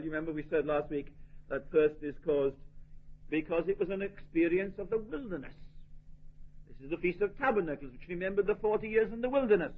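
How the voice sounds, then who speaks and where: A man preaching a sermon in an earnest, emphatic way, asking rhetorical questions. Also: sits high. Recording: tinny phone-like lo-fi recording.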